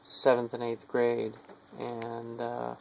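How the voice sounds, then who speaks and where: An American video diarist with a gravelly, rough voice rants bitterly to the camera, swearing and openly scornful of his audience. His slow, monotone delivery shifts between weary low muttering and sudden angry shouts, on poor audio with a slight hiss or hum.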